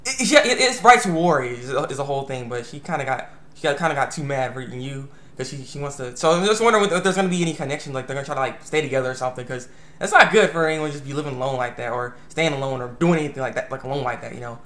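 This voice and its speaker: A young man reviewing an anime episode in a rambling, excitable way, full of restarts and fillers. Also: medium pitch, rapid-fire, roomy sound. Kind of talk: casual video review.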